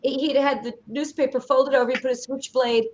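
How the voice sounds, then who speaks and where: A woman's voice: high voice, steady tone, a little fast, slight background noise, low-quality recording. A woman with a New York accent, guest host of a comedy podcast, telling stories in casual chat. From New York State. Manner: chatty storyteller.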